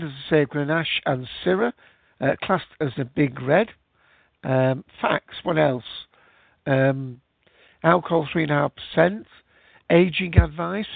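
A man hosts a loose, rambling live show, full of ums and uhs. His fairly high voice has a gravelly fry, and the sound is dry and tinny, like a phone line. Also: no room sound. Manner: rambling, chatty, many fillers. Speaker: podcast host. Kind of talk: casual live-show chat.

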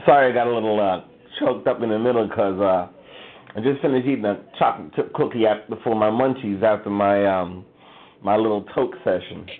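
A man's voice: on the low side, fairly quick. A man calling in to perform spoken word poetry in a rhythmic, wordplay-heavy delivery. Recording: phone line.

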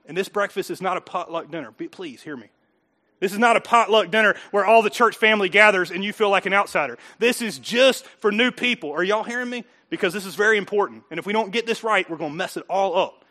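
A pastor with a high voice preaches quickly in church, animated and conversational. He poses rhetorical questions to the congregation and acts out what people will say.

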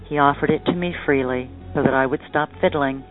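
A man voicing a calm, quietly defiant male servant who plays the fiddle in a spoken fairy tale. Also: medium pitch, a little fast, lightly acted. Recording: tinny phone-like line, faint music.

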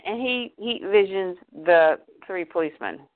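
A woman co-hosting a casual chat show, retelling a comic book story in an animated way with quick asides. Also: medium pitch, dry recording. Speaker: podcast co-host. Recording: tinny phone-like sound.

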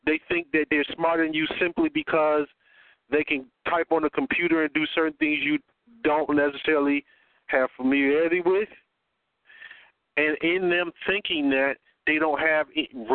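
A man's voice: a little high, fairly even intonation, normal speed, dry recording. An older man calling in, making his points in a preachy, emphatic way. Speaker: caller. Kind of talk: impassioned phone-in commentary. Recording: dry, tinny phone line.

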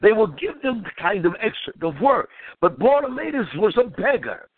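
A man preaching a fervent sermon, calling his listeners "beloved" and filling pauses with "uh". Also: sits high, big pitch swings, no room sound. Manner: fervent preaching with frequent "uh" fillers. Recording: tinny phone-line sound.

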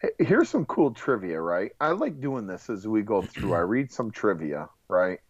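A man co-hosting a casual movie podcast, relaxed, sharing film trivia and laughing along. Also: on the low side, normal speed, breathy edge, no room sound. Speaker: podcast co-host. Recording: dry, dull lo-fi mic.

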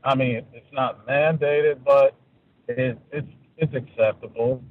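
A man calling in to a radio show, giving his opinions in a halting way and often repeating words. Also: mid-range voice, fairly even intonation, phone-quality sound. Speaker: caller. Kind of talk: call-in radio commentary.

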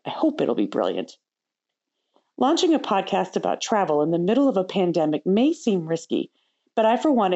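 A woman's voice: mid-range voice, mellow, lo-fi sound. Upbeat woman hosting a travel podcast. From United States. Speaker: podcast host. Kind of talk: scripted travel podcast narration.

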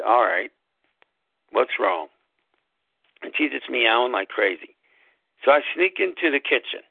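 A man hosting a show, telling a personal story in a slow, deliberate way and spelling things out letter by letter. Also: mid-range voice, vocal fry, no room sound. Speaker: podcast host. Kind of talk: casual storytelling monologue. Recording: tinny phone-like line, dry.

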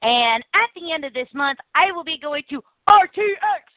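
A high-voiced woman hosts a casual podcast, chatty and animated as she tells stories and laughs along. The audio is dry and thin, like a phone line. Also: normal speed, no echo. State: coughing after swallowing the wrong way. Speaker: podcast host. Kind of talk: casual chat.

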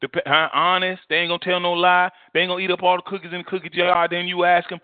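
Casting: male pastor, high voice, lively rhetorical sermon on thin phone-like audio. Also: fast, no echo. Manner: emphatic preaching, repeats words, swings loud and soft.

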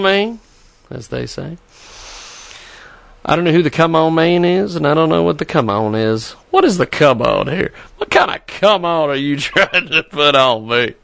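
A man hosts a casual radio talk show with a gravelly, slightly high voice. He rambles and jokes to himself between segments. His voice sounds dry and close. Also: a bit bright, no echo.

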